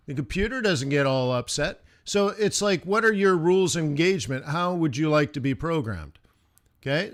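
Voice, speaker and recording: A man giving a live trading lesson who talks casually and directly to his viewers. He asks quick questions and chants price moves in rhythmic bursts. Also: high-pitched, fairly bright tone. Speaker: forex trading instructor.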